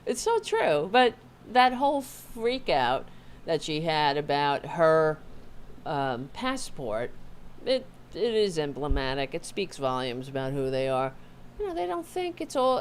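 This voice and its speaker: A woman's voice: on the high side, a little hiss or hum. Sarcastic woman hosting a livestream. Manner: sarcastic, scolding, rambling asides. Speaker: host of a political livestream. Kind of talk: live-streamed political commentary. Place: at home with her dog.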